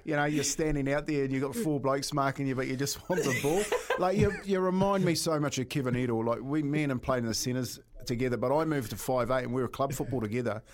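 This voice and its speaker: A man with a New Zealand accent co-hosting sports radio, telling a story in an animated way and laughing as he goes. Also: medium pitch, quick pace, few pauses. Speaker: radio sports show co-host.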